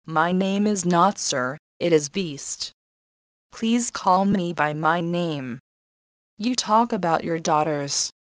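A woman's voice: fairly low pitch, takes it slowly, no room sound. A woman voicing a huge, angry male beast who talks in a stern, commanding way, in a storybook reading.

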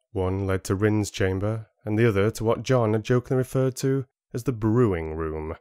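A man reading an audiobook in a steady storytelling manner into a close studio mic. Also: fairly low pitch, no echo. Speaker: audiobook narrator. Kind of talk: scripted audiobook narration.

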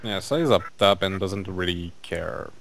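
A man's voice: deep voice, a little slow, gravelly, a bit bright. A young man playing a tabletop game online, laid-back and teasing, swearing at friends. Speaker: player.

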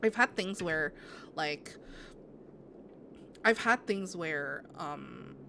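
A woman's voice: low voice, expressive, extremely slow, vocal fry, pushed and bright, slight background noise. A woman game streamer in casual live-stream chat, answering her viewers with sympathy and rambling through many restarts.

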